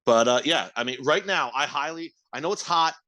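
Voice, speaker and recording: A man co-hosting a podcast in casual chat, loud and swearing freely as he hypes things up. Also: a little high, animated, a little fast. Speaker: podcast co-host.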